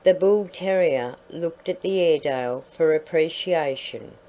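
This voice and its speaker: A woman reading a storybook aloud in a calm, measured way. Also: low voice, a little hiss or hum, poor audio.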